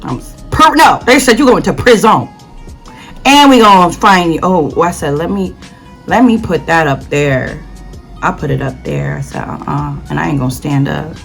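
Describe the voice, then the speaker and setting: A young adult woman telling a casual travel story in a chatty, animated way, full of slang and dramatic asides. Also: sits low, normal speed, creaky, soft background music, rough recording. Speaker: vlogger.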